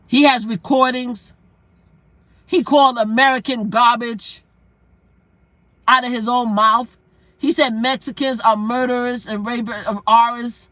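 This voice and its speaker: A woman's voice: a little high, fairly bright tone, dry recording. A woman live-streaming from inside her car, delivering a heated rant in a blunt, emphatic way and hammering her points with repetition.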